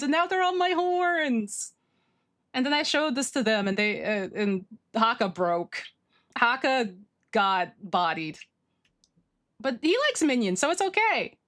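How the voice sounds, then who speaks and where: High-voiced bubbly woman streamer. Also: slow pace, pauses often. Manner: bubbly, gushing and excitable. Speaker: livestreamer. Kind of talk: casual stream chat, reading chat.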